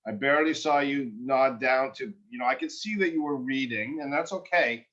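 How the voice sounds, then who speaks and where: A man coaching a student actor, frank and encouraging, his thoughts tumbling out in stops and restarts. His voice sits at an ordinary middle pitch. The recording is a little dull and lo-fi. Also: moderate pace, fairly bright tone. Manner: direct and encouraging, full of restarts. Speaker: acting coach. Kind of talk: one-on-one acting feedback.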